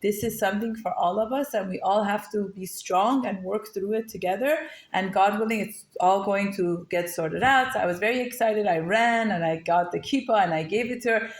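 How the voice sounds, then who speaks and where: A woman's voice: medium pitch, moderate pace, hardly any pauses, echoey room. A woman giving a casual, chatty Torah lesson, telling personal stories with lots of fillers and restarts. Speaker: Torah class teacher.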